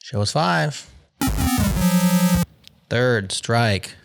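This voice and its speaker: A man's voice: medium pitch, lively intonation, very slow, creaky, loud music behind the voice. A man hosting a podcast game show, reading out survey results in a playful, wry way.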